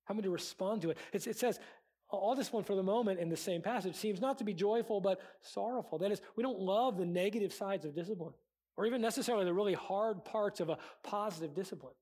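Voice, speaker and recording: A man's voice: sits high, quick pace, darkish tone, breathy edge. A man preaching a sermon as pastor, earnest, acting out quoted prayers and excuses.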